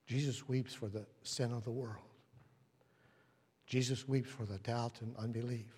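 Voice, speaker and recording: Husky male preacher, storytelling sermon, whispers to shouts, echoey hall. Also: medium pitch, steady tone, measured pace. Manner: swings from hushed whispers to loud emphatic lines; storytelling, acts out quoted voices. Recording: long reverb of a large hall.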